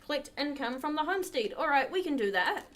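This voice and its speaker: A woman hosting a charity livestream chats casually with viewers while playing a game at her computer. Her voice sits high and bright, with lively intonation and a fast pace. She keeps up chatty gameplay commentary, talking to the chat as she plays.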